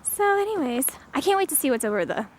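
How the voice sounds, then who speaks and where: A woman vlogging on a hike up a windy hill, out of breath, giggly and excited, laughing often. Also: high-pitched, quick pace. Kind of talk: casual vlog narration while walking. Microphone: handheld camera. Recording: loud wind noise on camera mic.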